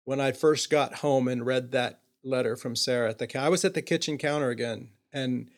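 An older man, a guest, earnestly recounting a personal story, halting and trailing off with fillers. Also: medium pitch, steady tone.

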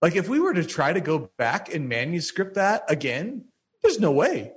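A man's voice: a little high, very animated, moderate pace, husky. A man co-hosting a casual podcast who talks in a thoughtful way, restarting phrases as he works through his thoughts. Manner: thoughtful, with frequent restarts and affirming murmurs. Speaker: podcast co-host.

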